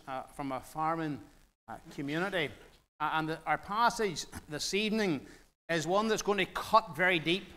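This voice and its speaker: A man with a North Antrim accent preaching a sermon in church, earnest and direct, with fillers and deliberate pauses. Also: on the high side, a bit bright, smooth. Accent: Northern Irish, North Antrim. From Northern Ireland, North Antrim. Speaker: guest preacher. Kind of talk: sermon with Bible reading.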